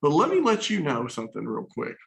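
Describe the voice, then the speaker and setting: A man voicing a huge, furry, bossy male troll who guards a school stairwell, making threats in a gravelly voice. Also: fairly high pitch, wildly swooping pitch, a little fast, a bit bright, heavily acted. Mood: threatening. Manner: threatening, possessive.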